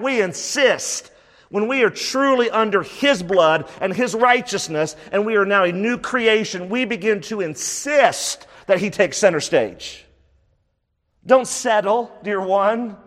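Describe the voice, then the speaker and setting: Emphatic high-voiced male preacher. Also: a bit bright, big-room sound. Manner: emphatic, repeats key phrases for stress. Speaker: pastor. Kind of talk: sermon.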